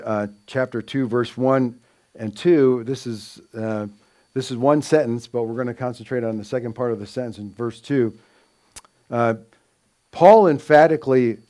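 Preaching an expository sermon in a darkish, medium-pitched voice, a man teaches with earnest intent. He often uses fillers and starts over, and his voice climbs whenever he emphasizes a scripture quotation.

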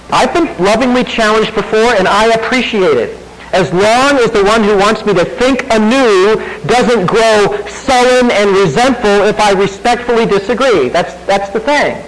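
A man's voice: sits high, rough recording. A middle-aged male pastor preaching a sermon in a conversational way, asking the congregation rhetorical questions and laughing at himself now and then.

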